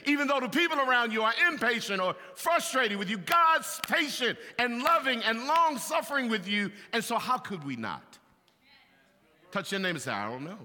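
A man preaching to a large congregation, his voice high and very bright. He swings from loud, animated bursts to hushed confessional passages. The sound rings with long reverb from a big church hall. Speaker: pastor. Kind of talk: sermon.

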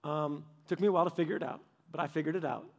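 High-voiced man preaching a casual sermon. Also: very fast, a little mellow. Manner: conversational, anecdotal, speaks straight to the audience. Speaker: pastor.

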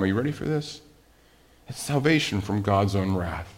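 A man preaching a sermon as a pastor, animated, with rhetorical questions and swings from loud emphasis to quiet asides. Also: fairly high pitch, brisk.

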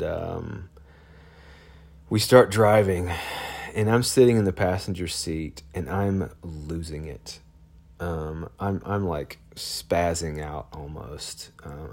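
Deep gravelly man telling a personal story. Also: a little mellow. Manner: halting, many fillers and restarts. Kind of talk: personal story told casually.

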